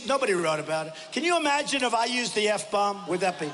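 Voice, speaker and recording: A high-pitched man delivers a campaign rally speech with a bright, forceful edge, repeating short punchy phrases and often breaking into shouts. His voice carries a long hall reverb with faint ambience underneath. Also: very animated, fast, a little hiss or hum. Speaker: political candidate at a rally. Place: large rally venue.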